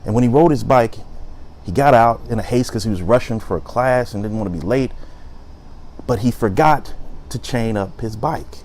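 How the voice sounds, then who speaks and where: Lively man telling a story. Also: mid-range voice, moderate pace. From South Side of Chicago. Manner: lively storyteller, acts out quotes. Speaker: host. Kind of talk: storytelling talk.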